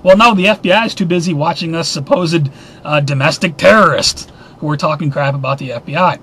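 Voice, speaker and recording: Middle-aged male host, high pitch, casual news roundup, sarcastic opinionated asides. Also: brisk, pushed and bright, a little hiss or hum.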